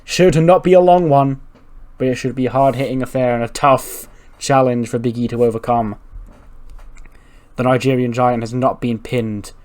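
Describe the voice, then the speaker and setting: Guy narrating his wrestling sim save, cussing and chuckling, mid pitch. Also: steady tone, normal speed, a little mellow. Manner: swears freely, laughs, rambling. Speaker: gaming channel host. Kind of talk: casual let's-play narration.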